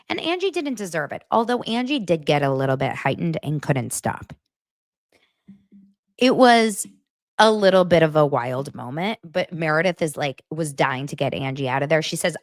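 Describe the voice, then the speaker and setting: A woman hosts a gossipy reality TV recap, animated and casually profane. Her voice sits low but leaps around with lively expression. The sound is dry and close to the mic. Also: moderate pace, dry recording. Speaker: host.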